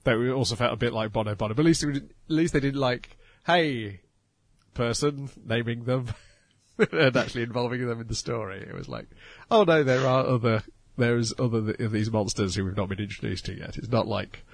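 A man's voice: mid-range voice, fast talker, no echo. A man co-hosting a podcast, chatting casually and laughing easily. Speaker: podcast co-host. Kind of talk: casual chat.

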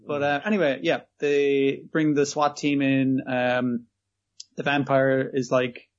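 A man's voice: mid-range voice, level tone, slow pace. A man in casual podcast chat, sweary and exasperated, acting out quotes as he retells an anime. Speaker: podcast co-host. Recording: dull lo-fi audio.

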